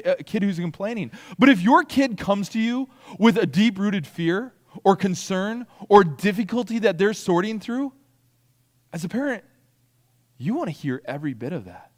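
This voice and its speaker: A man with a fairly high voice that swings widely in pitch, preaching a sermon. He is animated, acting out the pleas and grumbles he quotes, and checks in with his listeners as he talks. Each point is pressed with restarts and emphasis. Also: moderate pace, in a large hall. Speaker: pastor.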